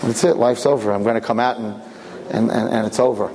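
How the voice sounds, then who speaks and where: A man's voice: mid-range voice, steady tone, a little fast, darkish tone, a little hiss or hum, pitched below the performer's own voice, lightly acted. A man voicing a frightened, doubting unborn baby boy in the womb, sobbing and crying out in despair, with a long echo behind him.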